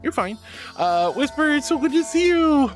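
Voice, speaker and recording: This is a man with a high, bouncing voice who leaps up and down in pitch as he chats on a live stream. He reads viewer messages aloud and greets each newcomer with sweet pet names. Faint music plays behind him. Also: big pitch swings, moderate pace. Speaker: VTuber streamer. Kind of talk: casual live-stream chat. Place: VRChat stream.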